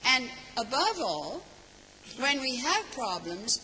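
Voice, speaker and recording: A woman's voice: on the high side, very animated, measured pace, crowd noise. An older woman giving a reflective religious talk, earnest and emphatic, telling anecdotes and repeating words for stress. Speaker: speaker. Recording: long hall reverb, faint hiss.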